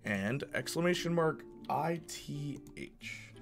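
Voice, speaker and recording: A man's voice: fairly high pitch, lively intonation, takes it slowly, soft background music. A man streaming live, chatting casually and reading his chat aloud with sarcastic, joking banter.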